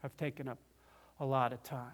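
A man preaching a personal testimony sermon, tearful and halting, restarting his phrases often. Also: mid-range voice, level tone.

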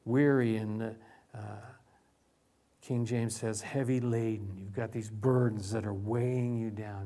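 A man preaching a sermon as a pastor, repeating words and restarting, swinging between loud emphasis and hushed, near-whispered lines. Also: lowish voice, fairly even intonation, measured pace.

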